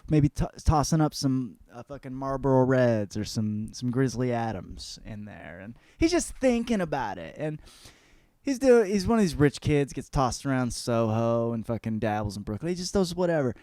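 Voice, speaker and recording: A man rambles through a crude comedic book report, swearing freely as he talks. His voice sits at an ordinary pitch for a man. The sound is dry and close, with no room around it. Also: big pitch swings, moderate pace, warm tone, no room sound. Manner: profane, rambling, puts on voices for characters. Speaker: podcast host.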